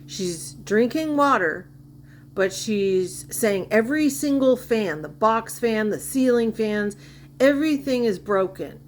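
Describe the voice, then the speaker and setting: A woman's voice: on the high side, lively intonation, takes it slowly, a little hiss or hum. A woman giving sarcastic, mocking reaction commentary on a livestream clip.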